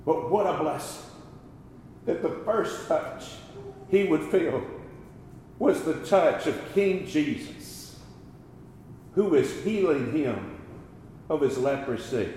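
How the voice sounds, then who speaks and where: A man preaching a sermon, slow and deliberate, rising and falling in force. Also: on the high side, expressive, heavy reverb, big-room sound, a little hiss or hum, rough recording. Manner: slow, deliberate preaching with swells and drops in loudness.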